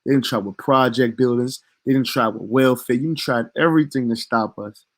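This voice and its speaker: A man's voice: mid-range voice, a little fast. A man delivering a heated commentary rant as a vlogger, talking in a profane, emphatic and indignant way.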